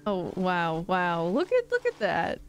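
Bubbly woman streamer, lively pitch. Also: takes it slowly, music in the background. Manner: giggly, chatty, exclaiming. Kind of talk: casual gameplay commentary.

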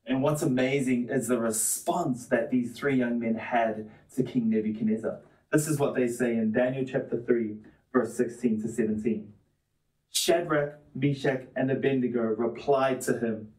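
A man's voice: medium pitch, measured pace, darkish tone. Guy preaching a sermon, earnest, repeats phrases for build, sounds kinda far off in a roomy echo. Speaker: pastor. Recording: roomy echo, mic at a distance.

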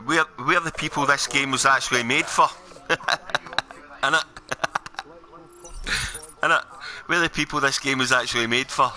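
A man's voice: medium pitch, fairly even intonation, normal speed, bright, forceful tone. A Scottish man streaming a game, chatting casually and giving his opinions with plenty of swearing. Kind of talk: casual chat while gaming.

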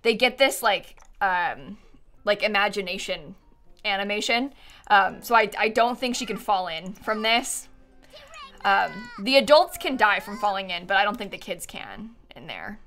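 Bright, lively giggly woman streamer. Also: medium pitch, a little slow, faint music behind. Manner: giggly, chatty, often breaks into laughter. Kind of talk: casual live-stream chat while playing a life-sim game.

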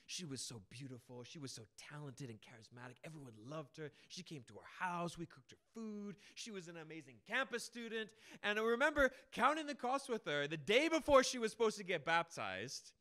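A young man preaching a sermon, telling stories emphatically and dramatically, with big swings in loudness. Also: fairly high pitch.

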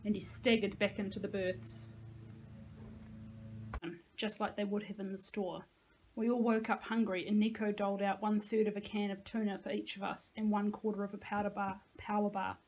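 A teacher reads a novel aloud to her class in a medium-pitched woman's voice. She keeps the narration plain and drops casual asides to the kids. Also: little pitch movement, normal speed, a little mellow, a little hiss or hum, poor audio.

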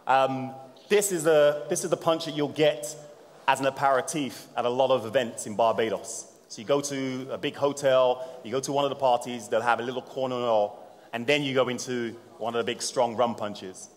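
A man's voice: medium pitch, fairly even intonation, normal speed. A man giving a live cocktail demonstration at a trade-show seminar, talking in a jokey, chatty way and addressing the audience as he mixes drinks. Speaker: bartender presenting a seminar. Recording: long hall reverb.

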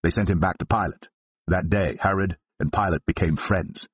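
A man narrates scripture in a steady, measured reading. His voice is very low and husky, recorded close and dry. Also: no echo. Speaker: Bible reader.

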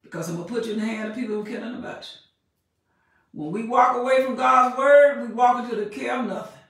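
A woman preaching a sermon. She reads scripture slowly and with emphasis, then explains it in plain everyday speech. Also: fairly high pitch. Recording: echoey room, mic far off.

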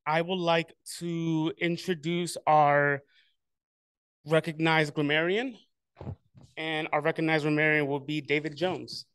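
A man's voice: a little high, fairly even intonation, unhurried, fairly bright tone, clean tone, dry recording. A man hosting a club meeting, introducing each speaker in an encouraging, conversational way.

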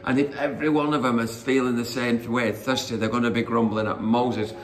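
A man's voice: medium pitch, steady tone, brisk, slight background noise. A man preaching an informal sermon, conversational and rambling with fillers and asides as he retells Bible stories.

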